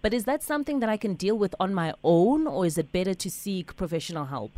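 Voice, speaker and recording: A woman's voice: mid-range voice, sing-song, fast talker, warm tone, dry recording. A woman radio host asking a question and sharing a personal example. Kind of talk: radio interview.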